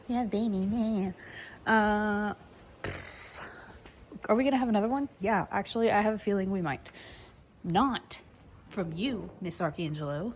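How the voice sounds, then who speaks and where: A woman chatting casually on camera in a horse barn at night, rambling and laughing, cooing softly to the mares and foals. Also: medium pitch, unhurried, pauses often, slight background noise. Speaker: foaling attendant filming her barn. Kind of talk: casual vlog chat.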